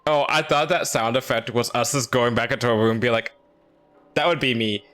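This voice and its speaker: A man's voice: medium pitch, quick pace, a bit bright. A man streaming a game, commenting casually in a chatty, profane, self-deprecating way.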